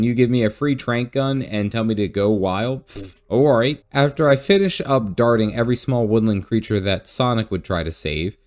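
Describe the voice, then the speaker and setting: Man, gaming recap vlog, casual and jokey, laughs a lot, lowish voice. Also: darkish tone. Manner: jokey and chatty, laughs often. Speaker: gaming video creator. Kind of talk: casual game playthrough recap.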